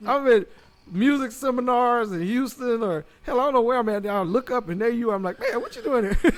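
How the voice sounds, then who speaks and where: A male podcast host with a fairly high voice leads a casual interview. He talks in a relaxed, chatty way and laughs easily. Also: fairly quick.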